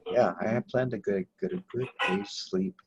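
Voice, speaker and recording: A man's voice: lowish voice, normal speed, a crowd in the background, poor audio. A man in a casual group session, teasing the others and explaining how to read cards. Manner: teasing, explains card-reading. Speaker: workshop participant.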